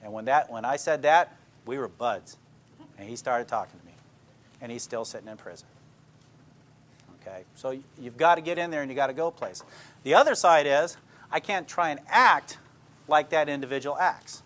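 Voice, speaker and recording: A man's voice: medium pitch, normal speed, pauses often, a bit bright, a little hiss or hum. An older man, a police detective, giving an informal talk to a live audience, plainspoken and full of anecdotes that he checks in on with his listeners. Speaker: police detective speaking to a class.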